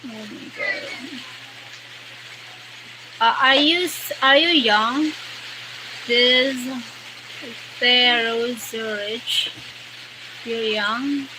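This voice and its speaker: A young woman with a Filipino accent chats casually on a live stream, greeting and thanking viewers by name and mixing Tagalog with English. Her voice is on the high side, very slow, with long pauses, and the background is noisy.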